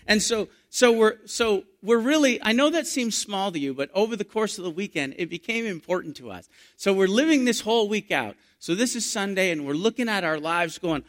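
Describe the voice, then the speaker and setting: Middle-aged man, pastor, animated storytelling sermon, bright tone. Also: high-pitched, brisk. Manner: storytelling, animated, rising to excited emphasis.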